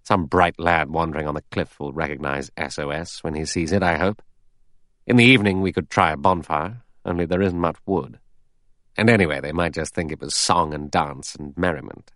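A man voicing a cool, sardonic adventurer in an audiobook, brisk with sharp retorts. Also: very deep voice, no echo, studio quality. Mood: matter-of-fact.

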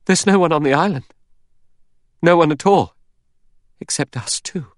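A man's voice: a little high, unhurried, no room sound, studio quality, pitched above the performer's own voice, natural voice. A man voicing a frightened, defiant young woman, tense and pleading. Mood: fearful.

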